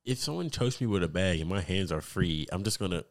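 A man's voice: low-pitched, lively intonation, fairly quick, no echo, studio quality. A young man hosting a podcast, teasing his co-host in crude, joking banter. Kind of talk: casual chat.

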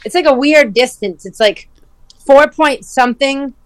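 Animated woman telling a story. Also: high-pitched, measured pace, no room sound. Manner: animated storyteller, swears freely, laughs often. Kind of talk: casual chat. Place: lives near Providence.

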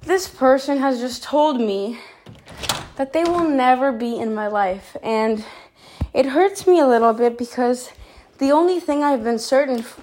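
Woman podcast host, casual confessional monologue, wry and playful, slightly breathless, higher-pitched voice. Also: measured pace, darkish tone, a little hiss or hum. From Montreal. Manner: wry, playful, frequent throat clearing.

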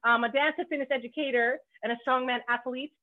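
A woman's voice: high-pitched, steady tone, quick pace. A woman from Canada hosting a podcast in casual chat, bubbly and joking, swearing freely. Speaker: podcast host. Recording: phone-like narrow band.

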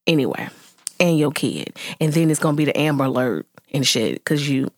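Woman in her 30s, vlogger mom; low, husky voice, lively and exasperated, dry close mic. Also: fairly quick, no room sound. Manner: animated, exasperated, swings into high exclamations. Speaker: vlogger, mother. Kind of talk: casual storytelling vent to viewers.

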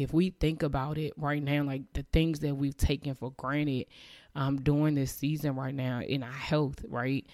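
A woman's voice: sits low, darkish tone, no echo, studio quality. A woman in her thirties hosting a faith podcast, speaking earnestly and emotionally as she encourages her listeners. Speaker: podcast host. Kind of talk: motivational faith podcast monologue.

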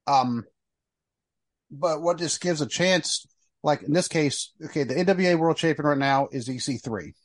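A man's voice: a little high, normal speed, dry recording. A man hosting a wrestling podcast, talking casually with frequent fillers and restarts. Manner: rambling, fillers, trailing off. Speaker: podcast host. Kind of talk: casual chat.

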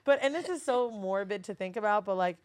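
Brief: woman podcast guest, candid, swears freely, mid-pitched, dry close sound. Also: animated, fairly quick, no echo. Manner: candid and profane, acts out relatives' voices. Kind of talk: casual chat.

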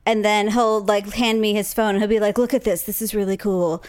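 A woman's voice: mid-range voice, steady tone, a little fast, darkish tone, smooth. A woman in casual chat who agrees readily and then tells a story of her own.

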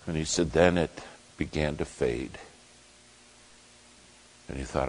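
A man preaching a sermon who tells a dramatic story, acting out the quoted voices and shouting dog commands. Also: very deep voice, slow pace.

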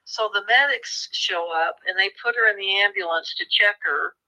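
Bright-voiced woman telling a true crime story. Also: mid-range voice, moderate pace, rough recording. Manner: vivid retelling with quoted voices and restarts. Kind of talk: storytelling interview.

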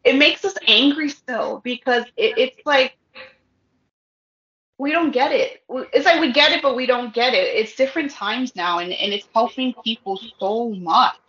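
Woman guest, expressive and chatty, slightly high voice, dull lo-fi audio. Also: normal speed. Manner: animated, laughs often, acts out quoted dialogue. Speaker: guest, cannabis educator and store owner. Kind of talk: casual interview chat. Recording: dull lo-fi audio in an echoey room.

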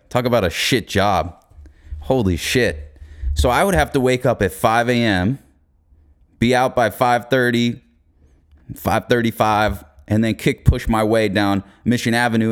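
A young podcast host with a lowish, clean-toned voice tells a comedic story, casual, profane and laid-back, laughing through it.

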